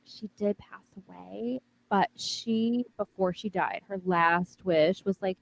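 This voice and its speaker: A woman's voice: mid-range voice, takes it slowly, vocal fry, hardly any pauses, lo-fi sound. A woman playing a tabletop game, speaking theatrically and graciously in character. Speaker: player. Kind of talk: tabletop role-play.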